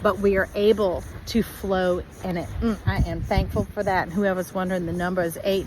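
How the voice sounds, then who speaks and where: Animated woman giving a tarot reading. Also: lowish voice, brisk, hardly any pauses, background noise. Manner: animated, acts out viewers' voices. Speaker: tarot reader.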